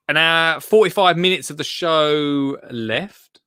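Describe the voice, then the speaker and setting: A man's voice: a little high, slow pace, pushed and bright, clear, resonant tone, no room sound, clean studio sound. A young man with an Essex accent hosting a gardening phone-in live stream, chatty and self-deprecating, rambling with lots of fillers. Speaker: gardening livestream host. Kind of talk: casual live-stream chat. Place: home in Essex, reading comments live.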